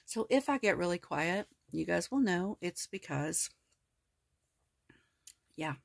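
A woman host walking through her collage journal in a casual, rambling way, hoarse with her voice cracking, full of ums and self-corrections. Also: on the low side, lively intonation, takes it slowly, no echo. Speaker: crafting video host. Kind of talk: casual crafting walkthrough.

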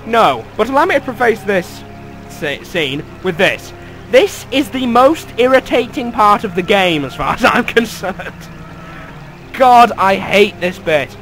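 Young guy doing let's play commentary, high sharp voice, cussing at the game, game music behind. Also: very animated, measured pace, low-quality recording. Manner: sweary, sarcastic, exasperated. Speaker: gamer. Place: bedroom at home.

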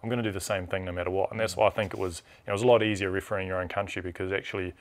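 This rugby referee, a New Zealand-accented man guesting in a studio, keeps things casual and chatty. His voice sits low, and his quick, animated talk is peppered with restarts.

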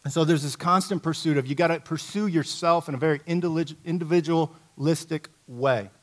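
A middle-aged man from Indiana, a coach giving a talk at a church, telling a story in a lively, conversational, self-mocking way. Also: fairly high pitch, brisk. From Indiana, USA.

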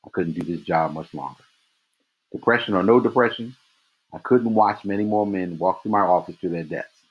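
A man reading a novel aloud in steady first-person narration. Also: low-pitched, normal speed, breathy edge. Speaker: reader.

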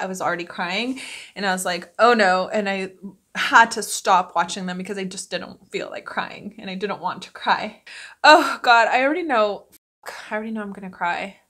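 A woman's voice: medium pitch, fairly bright tone. A young woman, an actress, chatting emotionally and casually at home for her vlog, laughing often. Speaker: actress and vlogger. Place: at home indoors.

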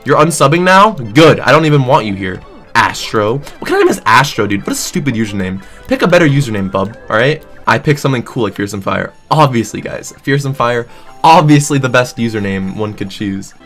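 A man's voice: mid-range voice, brisk, faint music behind. A young man, a gaming streamer, ranting in a casual, jokey, exaggerated way, full of "like" and "dude". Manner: animated, exaggerated, jokey, many fillers like "like" and "dude". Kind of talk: casual comedic rant.

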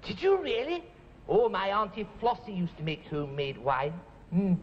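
A man voicing a cheeky, excitable male fox puppet who jokes and giggles a lot, heard on a dull 1970s TV recording with a studio audience. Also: moderate pace, a little hiss or hum. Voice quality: high, giggly, punning.

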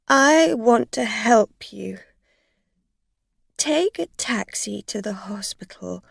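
Woman reader doing a stammering tipsy driver, high pleading voice, slow. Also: gravelly, no room sound, clean studio sound, full character voice. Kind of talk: storybook reading.

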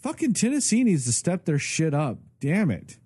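A male podcast co-host rants in a casual, profane way, his pitch swinging widely. His voice is dark and a little husky. The sound is dry and close. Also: moderate pace, no echo. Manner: profane, ranting, animated. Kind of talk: casual chat.

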